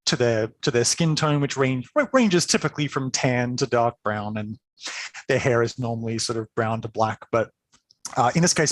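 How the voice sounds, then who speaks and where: A man's voice: medium pitch, fairly bright tone, no room sound. A man as game master, narrating a tabletop game in an enthusiastic, chatty way, full of fillers.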